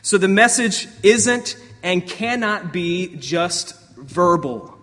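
High-voiced preaching man in a reverberant hall. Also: slow pace. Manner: animated preaching with sudden outbursts and soft asides. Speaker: pastor. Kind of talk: sermon.

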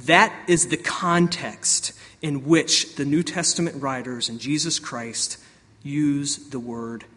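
High-voiced preaching man in a reverberant hall. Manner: animated preaching with sudden outbursts and soft asides. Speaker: pastor. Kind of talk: sermon.

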